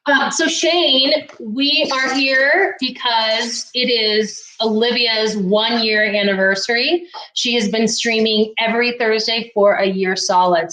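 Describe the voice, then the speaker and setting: A woman's voice: fairly high pitch, fairly bright tone. A woman co-hosting a live baking stream, bubbly and sentimental, talking to viewers and the host. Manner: bubbly, sentimental, reads chat aloud. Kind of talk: casual live-stream chat. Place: home kitchen. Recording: echoey kitchen room.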